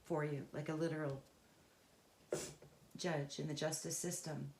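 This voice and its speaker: A woman with a fairly low voice gives an unscripted tarot reading. She speaks in a halting, searching way, pausing and restarting as she feels her way through the cards, earnest and emotionally invested. The sound carries a noticeable room echo. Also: little pitch movement, a little mellow, slight background noise. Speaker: tarot reader.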